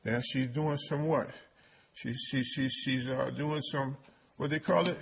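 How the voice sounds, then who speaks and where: Husky, emphatic male preacher. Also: medium pitch, fairly even intonation, a little slow. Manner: calls out to the congregation, stammers and repeats words, emphatic. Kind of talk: sermon, reading and preaching on scripture.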